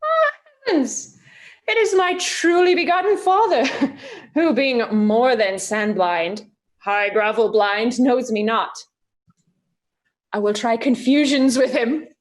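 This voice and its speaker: A young male clown servant, played by a woman, bounces between voices in a comic argument with himself. The voice is high and swoops all over, though the delivery is unhurried. This is Shakespeare performed over a video call. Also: lively intonation. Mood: mischievous.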